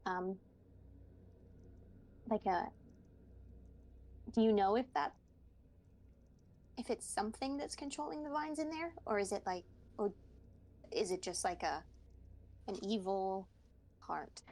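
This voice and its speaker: Slow, giggly woman playing a tabletop game. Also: mid-range voice, expressive, darkish tone. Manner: hesitant, full of fillers and giggles. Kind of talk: casual role-play chat.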